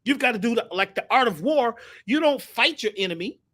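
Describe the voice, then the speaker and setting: Animated high-voiced man telling stories. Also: brisk. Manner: acts out quoted voices with slang. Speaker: guest. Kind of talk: animated storytelling.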